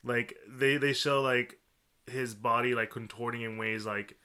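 A man co-hosting a podcast, discussing a film in casual chat, halting and restarting as he searches for words. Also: medium pitch, steady tone, pushed and bright, clean tone. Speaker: podcast co-host.

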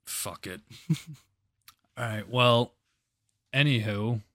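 A man's voice: mid-range voice, drawn-out words, a bit bright, no echo, studio quality. A young man co-hosting a podcast, telling crude jokey stories in casual chat. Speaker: podcast co-host.

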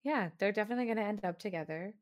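A woman's voice: mid-range voice, racing. A woman co-hosting a podcast, chatting casually about a book, sarcastic and laughing often as she mimics the characters. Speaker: podcast co-host. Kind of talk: casual book-club chat.

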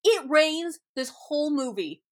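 A woman's voice: high voice, expressive, a little slow. A woman in her thirties chatting casually about a movie, laughing often and acting out her own thoughts.

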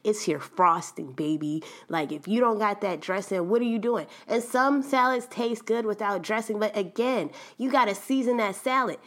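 A young adult woman hosting a podcast, telling a story in a chatty, animated way and laughing often. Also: mid-range voice, moderate pace, hardly any pauses. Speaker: podcast host. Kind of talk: casual storytelling monologue.

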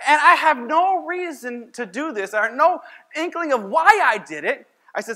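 Bright-voiced pastor preaching casually. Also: male voice, extremely high pitch, animated, moderate pace. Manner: conversational, acts out his own voice in quotes. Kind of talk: sermon with personal story.

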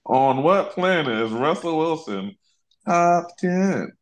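A young man co-hosting a casual sports chat, teasing and stirring the pot with quick jokes. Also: on the high side, lively intonation. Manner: teasing, stirs the pot, joking interjections. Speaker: podcast co-host.

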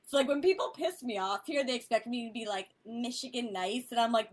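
A woman's voice: a little high, a little fast. A woman from Boston chatting bluntly, with lots of swearing. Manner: blunt, loud, profane. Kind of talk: casual chat.

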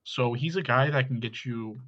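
A man's voice: medium pitch, moderate pace, dull audio. A man co-hosting a casual fantasy basketball podcast, talking through player stats steadily with frequent ums. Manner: steady, analytical, with many ums. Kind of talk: casual sports chat.

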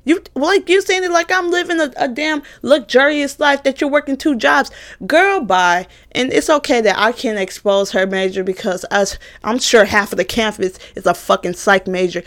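A young woman in her twenties rants through a heated storytime vlog about a former roommate. Her voice sits a little high, and she swears freely, jumping between exasperation and mocking retorts. She talks straight to her viewers in a casual, animated way. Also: moderate pace. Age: 20s. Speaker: college student vlogger.

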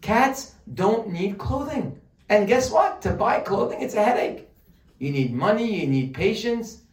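A man giving a humorous religious lesson, animated and joking, full of rhetorical questions. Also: high voice, measured pace. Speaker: Torah teacher. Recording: roomy sound from a distant mic.

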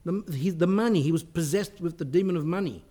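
A priest reads from a religious book and explains it to his listeners, his voice climbing as he stresses each lesson. His pitch sits somewhat high for a man. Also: a little fast, warm tone. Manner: earnest, rising emphasis on key points. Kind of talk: spiritual talk reading and explaining a text.

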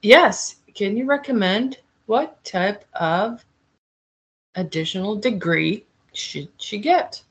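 Bright forceful woman, teasing co-host, casual podcast chat. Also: mid-range voice, takes it slowly. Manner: playful, teasing.

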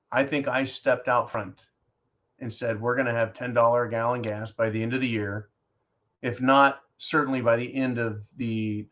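A man hosting a talk show, with a voice of ordinary pitch. He rants in an animated, sarcastic way, jumping between a quick clip and slow, weighty stresses. He calls out to his listeners as folks. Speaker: host reading listener questions. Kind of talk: casual opinion talk show.

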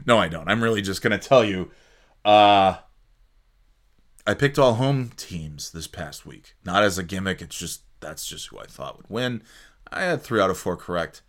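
A man's voice: deep voice, animated, moderate pace. A man hosting a casual solo sports talk show, rambling and joking with many fillers and restarts. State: sleepy, yawning. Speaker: sports podcast host.

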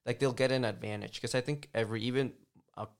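A man talking politics in a casual, rambling chat, often halting and restarting mid-sentence. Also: mid-range voice, fairly even intonation.

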